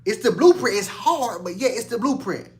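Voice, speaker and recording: High-voiced man preaching casually. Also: lively intonation. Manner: conversational, repeats lines for emphasis, reads scripture slowly. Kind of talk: casual sermon.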